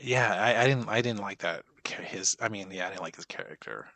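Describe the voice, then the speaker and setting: A man's voice: on the low side, fairly quick, bright, forceful tone. A man in his forties in a casual movie reaction chat, rambling and profane, stopping and restarting his sentences a lot. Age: 40s. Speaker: podcast co-host.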